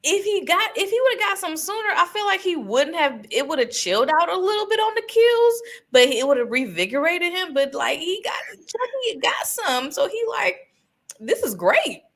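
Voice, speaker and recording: A woman co-hosting a casual podcast chat, laughing often and chiming in with quick reactions. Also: very high-pitched, sing-song, a bit bright. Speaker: podcast co-host.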